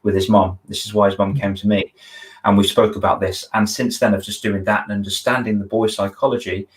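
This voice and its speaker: A man's voice: lowish voice, flat delivery, fairly quick, low-quality recording. Earnest man telling a story. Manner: earnest, emotional storytelling with many restarts. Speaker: confidence coach, podcast host. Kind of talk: conversational interview, storytelling.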